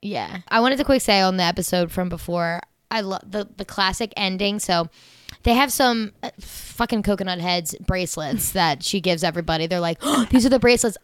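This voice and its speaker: Woman podcast co-host, rambling and excitable, smooth resonant voice. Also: medium pitch, brisk, no room sound. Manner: rambling, excitable, swears freely. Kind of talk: casual chat recapping a TV show.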